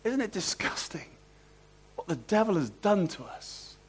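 A man preaching an expository sermon, animated and asking the congregation rhetorical questions. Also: sits high, unhurried, slightly rough.

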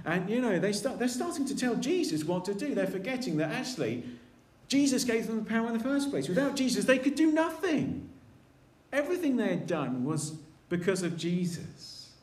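A man's voice: high-pitched, sing-song, moderate pace, a little mellow, roomy sound. A man preaching a conversational sermon in a church, acting out quoted voices as he goes.

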